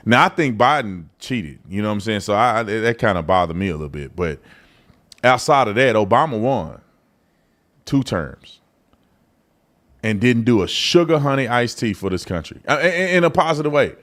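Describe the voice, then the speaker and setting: A man's voice: fairly low pitch, expressive, normal speed, a bit bright. A man from Texas with a Texan accent, hosting a live political commentary show in a blunt, mocking, slangy way. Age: adult. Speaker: host.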